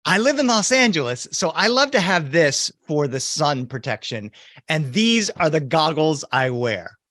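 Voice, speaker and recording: A middle-aged man telling stories to children over a video call, lively and animated. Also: fairly high pitch, a little slow, no room sound, studio quality. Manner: lively, animated, greets the audience. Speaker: children's storyteller.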